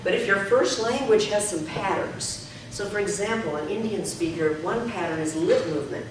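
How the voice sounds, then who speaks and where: A woman speaking coach giving an energetic, emphatic presentation to a club and leading the audience in repeat-after-me drills. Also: medium pitch, normal speed. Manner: energetic, emphatic, projecting to the back of the room. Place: meeting room. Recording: echoey room, distant mic, background noise.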